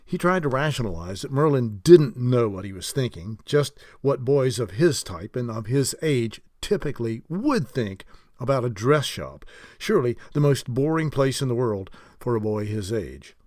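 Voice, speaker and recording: Male storybook narrator, animated delivery, dry close recording. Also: medium pitch, normal speed, no room sound. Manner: expressive storytelling. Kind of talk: audiobook narration.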